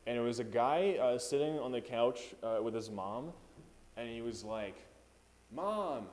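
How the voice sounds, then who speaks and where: A man's voice: medium pitch, a little mellow. A young man doing a stand-up set at an open mic, rambling and self-deprecating, with lots of filler asides. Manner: rambling, self-deprecating, lots of "you know what I mean". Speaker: stand-up comedian. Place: small open mic venue.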